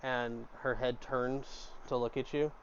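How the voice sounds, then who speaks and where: A man's voice: mid-range voice, flat delivery, slow, noisy background. A man narrating a tabletop game as game master, in a loose, filler-heavy storytelling way. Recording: dull lo-fi recording.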